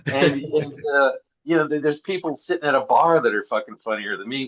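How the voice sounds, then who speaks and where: A man's voice: mid-range voice, a little fast, fairly bright tone, lo-fi sound. A man from St. Louis, a comedian guest on a podcast, telling profane stories with punchy asides. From St. Louis, USA. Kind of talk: casual podcast chat.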